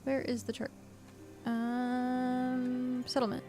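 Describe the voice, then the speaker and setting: A woman's voice: high-pitched, monotone, slow, warm tone, faint music behind. A woman streaming a game, chatting casually and thinking aloud with lots of fillers. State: hiccuping. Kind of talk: casual gameplay chat.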